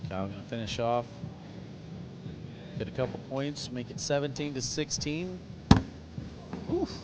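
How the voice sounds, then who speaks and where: A man's voice: medium pitch, expressive, measured pace, noisy background. A man doing live play-by-play commentary, chatty and joking between calls. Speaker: sports commentator.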